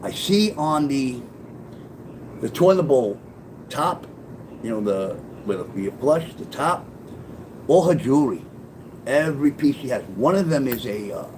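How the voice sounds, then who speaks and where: Profane, animated man telling a story. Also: medium pitch, measured pace, pauses often, a little hiss or hum, low-quality recording. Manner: profane, animated, acts out quoted voices. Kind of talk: casual spoken memoir storytelling.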